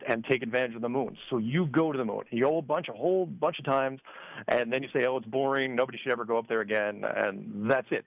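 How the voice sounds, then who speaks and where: A man talking as a guest on a call-in radio interview, animated and excitable, with stumbling restarts, heard over a phone line. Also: mid-range voice, gravelly, no room sound. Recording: dull lo-fi phone line, dry.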